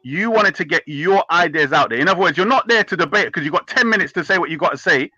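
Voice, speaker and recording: A man's voice: a little high, animated, quick pace, pushed and bright, no echo. A man hosting a heated online debate, brash and mocking as he talks over others. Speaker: host of a live online debate. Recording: muffled dry online call audio.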